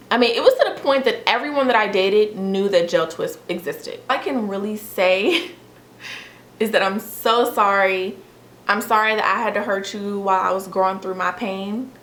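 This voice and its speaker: A woman's voice: medium pitch, fairly bright tone, reverberant, a little hiss or hum. A young woman and mother talking candidly in a confessional vlog, emotional and rambling with lots of fillers.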